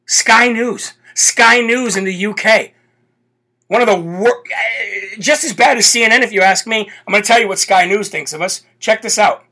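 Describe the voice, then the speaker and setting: A brash male talk host rants with fired-up repetition. His voice sits high and sounds bright and sharp, with a husky, slightly raspy grain. He drives each point home again and again. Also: normal speed. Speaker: political talk show host. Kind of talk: fired-up political commentary.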